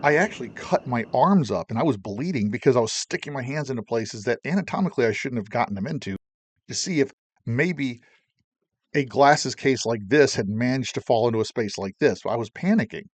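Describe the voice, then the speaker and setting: Animated middle-aged man telling war stories. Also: mid-range voice, fairly quick, husky, no room sound. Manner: animated, emotional retelling with swearing and restarts. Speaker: Navy veteran telling his own stories. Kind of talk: casual personal storytelling.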